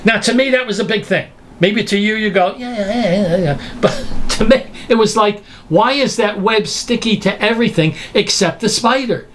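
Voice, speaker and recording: Guy preaching, slightly high voice, keeps firing off questions, little hiss in back. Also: moderate pace, fairly bright tone. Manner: emphatic, full of rhetorical questions. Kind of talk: sermon-style lecture.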